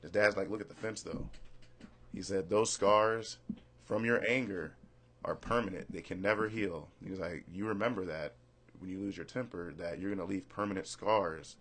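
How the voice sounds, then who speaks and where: Guy hosting a podcast, lowish voice, rambles through stories, chuckles at himself. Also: moderate pace, a bit bright. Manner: loose storytelling, laughs at himself. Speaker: podcast host. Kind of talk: casual chat.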